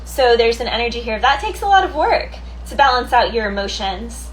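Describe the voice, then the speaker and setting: Brief: woman tarot reader, fairly high voice, chatty and loose, thinks out loud, faint hiss underneath. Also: big pitch swings, fairly quick, poor audio. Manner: chatty, thinks aloud, laughs easily. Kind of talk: casual tarot card reading.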